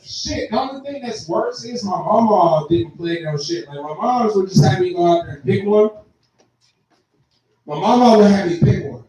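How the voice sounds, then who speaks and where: A man's voice: high-pitched, animated, normal speed, warm tone. A young man in his twenties doing a profane stand-up set, laughing along as he tells his stories. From Texas. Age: 20s. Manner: profane, storytelling, laughing at own jokes. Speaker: stand-up comedian. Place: live comedy venue with audience. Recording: echoey room, far mic, crowd. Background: audience reactions.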